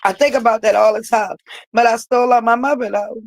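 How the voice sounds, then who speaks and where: A woman's voice: on the high side, fairly even intonation, brisk, no room sound, low-quality recording. Woman telling her story, dry close sound. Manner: emphatic, repeats herself, talks straight to viewers. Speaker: vlogger. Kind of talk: personal storytelling to viewers.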